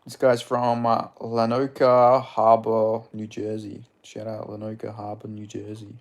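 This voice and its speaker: A man's voice: on the low side, completely flat delivery, unhurried. A man from Perth with an Australian accent, hosting a live stream in a rambling, crude, casual way while greeting chatters by name. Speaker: livestream host.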